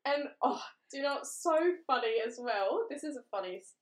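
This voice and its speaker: A woman's voice: high-pitched, expressive, a little fast. Crude rambling young woman. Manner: crude, rambling storytelling full of fillers. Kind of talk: casual chat. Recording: roomy echo.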